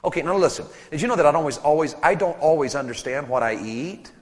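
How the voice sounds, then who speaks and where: A man in his thirties preaching a sermon to teenagers at a camp, animated and storytelling, acting out voices and joking with the crowd. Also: a little high, fast talker, big-room sound.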